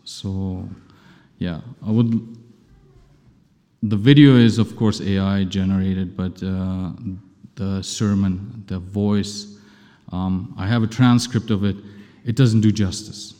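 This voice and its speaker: A man's voice: low voice, fairly even intonation, slow, mellow. A man preaching and reading scripture aloud, talking in a conversational, self-deprecating way to his congregation in a church. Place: church hall. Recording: long reverb of a large hall.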